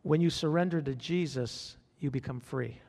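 A man's voice: fairly high pitch, moderate pace, vocal fry, a little mellow. A male pastor preaches with fervor, driving his points home through repetition and direct call-outs to the church. His voice sits a little above the usual male range. A long reverb from the church hall trails behind every phrase. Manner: fervent preaching, repeats phrases, calls out to the congregation. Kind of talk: sermon.

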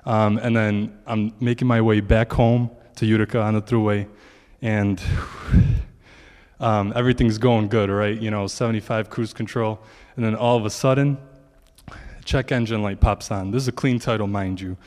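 A man's voice: fairly low pitch, steady tone, moderate pace, a little mellow, big-room sound. A man giving a casual testimony to a congregation, telling a long story in a chatty way and quoting his own thoughts.

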